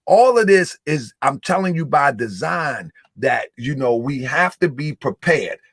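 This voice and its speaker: A man's voice: mid-range voice, big pitch swings, measured pace, no room sound, clean studio sound. A man hosting a live stream, talking casually and loosely to his audience, repeating himself as he works his screen. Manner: loose, repetitive, talks the audience through the screen. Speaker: host.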